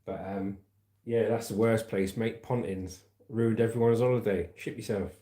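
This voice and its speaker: A man's voice: fairly low pitch, steady tone, normal speed, warm tone. Cheeky chatty man, roomy echo. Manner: chatty and cheeky, laughing at his own jokes. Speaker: livestream host. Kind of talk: casual chat reading viewer comments and news.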